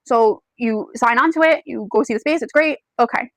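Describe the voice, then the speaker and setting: A woman's voice: on the high side, moderate pace, no echo, low-quality recording. A woman retelling a novel's plot to the camera in a casual, chatty way, talking to the listener as "you" and saying "like" often. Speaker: book reviewer.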